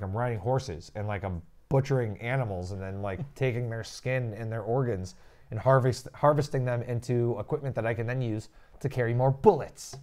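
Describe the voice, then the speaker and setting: A man's voice: mid-range voice, darkish tone. A young man co-hosting a casual gaming and tech live stream, joking and rambling. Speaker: stream co-host.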